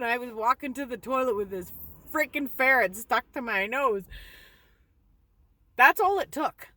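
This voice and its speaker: A middle-aged woman telling stories in a casual, animated way, laughing and swearing lightly. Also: high voice, moderate pace, no room sound, studio quality. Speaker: card reader. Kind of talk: casual storytelling.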